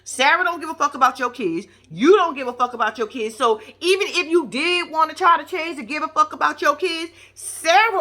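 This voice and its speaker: A woman's voice: a little high, bright, forceful tone. A woman giving casual reaction commentary on a reality show, blunt and profane, talking straight at the people on screen.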